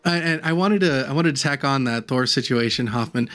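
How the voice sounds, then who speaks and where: A man's voice: medium pitch, a little fast, fairly bright tone. A man co-hosting a podcast, chatting casually and laughing as he rambles through ideas. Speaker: podcast co-host. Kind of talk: casual chat.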